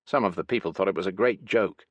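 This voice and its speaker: A man's voice: low-pitched, fast, no room sound. A man voicing an Armenian soldier with an Armenian accent, telling a matter-of-fact war story in an audiobook. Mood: wry. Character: Armenian soldier, man, dark, talks plainly.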